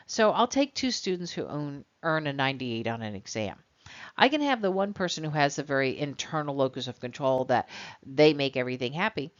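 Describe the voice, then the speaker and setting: A woman's voice: sits low, big pitch swings, brisk. A woman instructor giving a recorded college lecture in a conversational way and acting out exchanges with students. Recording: dull lo-fi recording.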